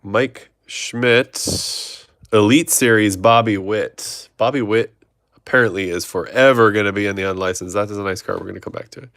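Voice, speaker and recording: A man's voice: lowish voice, fairly even intonation, normal speed, a bit bright, no echo, studio quality. A man hosting a trading card break, reading off player names and chatting with viewers. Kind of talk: live card-opening stream chat.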